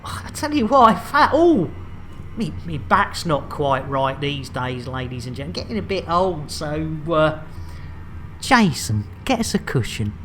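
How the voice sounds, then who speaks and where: A woman's voice: low voice, sing-song, a little slow, soft background music. A woman giving playful, exclamatory live commentary as she streams a game.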